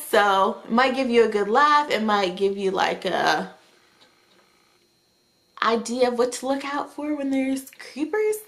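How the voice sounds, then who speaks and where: Chatty woman vlogger, higher voice. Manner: animated, chatty retelling with frequent "like". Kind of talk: casual storytime.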